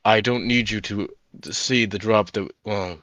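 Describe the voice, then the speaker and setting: A man's voice: on the low side, steady tone, unhurried, a bit bright, no echo. A man playing a tabletop game, hesitant at times, pressing and formal in character. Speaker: player. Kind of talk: tabletop role-play, in character.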